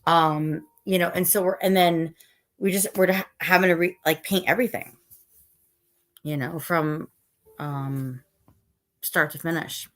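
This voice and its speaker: A tired woman in middle age, chatting casually on a live stream with a rather low voice. She rambles from topic to topic and stops to answer the chat. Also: fairly even intonation, unhurried, pauses often. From Northeast United States. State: tired, yawning. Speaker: livestream host.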